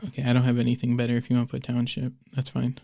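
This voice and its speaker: Flat, quick, dark-voiced male guest. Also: medium pitch, vocal fry, no echo, clean studio sound. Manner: flat, matter-of-fact reasoning. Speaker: guest trivia contestant. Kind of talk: casual chat. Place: podcast studio.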